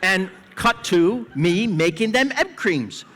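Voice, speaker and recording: A man's voice: sits high, animated, slow, noisy background. A man telling funny anecdotes on stage at a live talk, laughing often and poking fun at himself. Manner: laughs often while telling stories, playful self-mockery. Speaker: guest at a live talk event. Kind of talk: animated anecdotal storytelling. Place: stage event in front of an audience.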